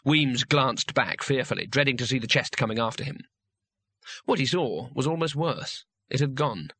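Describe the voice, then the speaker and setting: A man's voice: medium pitch, animated, normal speed, fairly bright tone, husky, no room sound. A man narrating a comic fantasy audiobook in a dry, wry storytelling manner.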